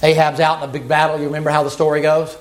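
A man preaching a sermon as a folksy, animated story, acting out the characters as he goes. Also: on the high side, racing.

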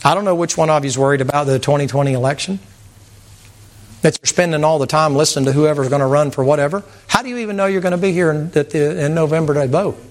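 A man preaching a sermon to a congregation in a folksy, animated way, repeating words and mimicking sounds. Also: on the high side, fast talker. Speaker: pastor. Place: church sanctuary with congregation.

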